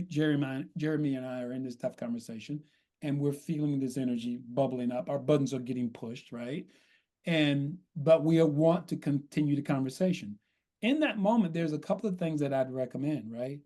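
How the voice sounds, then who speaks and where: A man, a consultant guest on a podcast, explaining in a measured way and often checking in with "right?". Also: fairly high pitch, dark tone. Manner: measured, repeats "right?", acts out sample dialogue. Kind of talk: podcast interview, coaching explanation.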